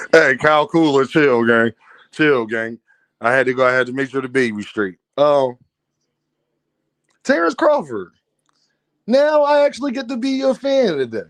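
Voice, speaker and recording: Animated man ranting on a livestream. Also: mid-range voice, measured pace, long pauses, dry recording. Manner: animated, laughs often, talks to chat. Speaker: livestream host. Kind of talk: casual livestream rant reading donations.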